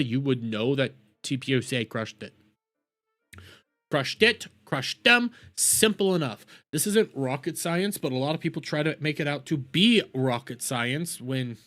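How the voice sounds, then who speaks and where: A man hosting a live stream, ranting loudly and swearing as he repeats his points. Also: mid-range voice. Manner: loud profane ranting, repeats himself. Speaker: streamer host.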